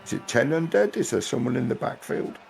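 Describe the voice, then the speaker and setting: A man's voice: medium pitch, animated, fairly quick, creaky, a little hiss or hum. A man co-casting a video game live, bantering and joking with exclamations. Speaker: game co-caster. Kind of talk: casual live game commentary.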